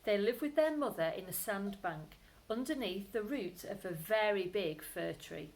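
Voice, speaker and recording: A woman, a primary school teacher, reading a bedtime story aloud to children, expressive, with whispered asides. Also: medium pitch, normal speed, low-quality recording.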